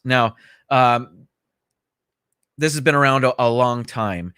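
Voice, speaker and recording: A man's voice: medium pitch, slow, bright, forceful tone, smooth, no room sound. A man hosting a casual livestream from a small home studio, chatting in a rambling, easygoing way and greeting viewers by name. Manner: easygoing, self-correcting asides. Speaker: livestream host.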